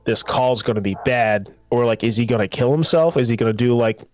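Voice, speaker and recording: A man's voice: medium pitch, brisk. A man co-hosting a podcast, loosely retelling a TV series in casual chat and slipping into quoted lines. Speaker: podcast host.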